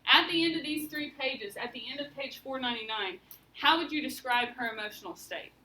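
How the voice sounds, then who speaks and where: A woman's voice: high-pitched, brisk, sharp tone. A woman teacher leading a class lesson, asking questions and guiding her students step by step. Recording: roomy, mic at a distance, faint room noise.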